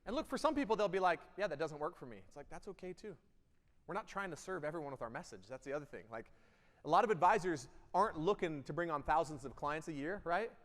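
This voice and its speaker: A man giving an energetic keynote speech, emphatic, jumping between loud bursts and quiet intensity. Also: on the high side, fast. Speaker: keynote speaker. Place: event hall. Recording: long hall reverb.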